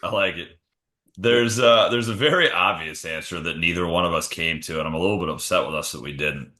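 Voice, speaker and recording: A man's voice: deep voice, brisk, pushed and bright, echoey room. A man co-hosting a casual comedy sports podcast, swearing freely and spinning silly hypotheticals. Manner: jokey, profane, acts out bits in goofy voices. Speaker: podcast co-host.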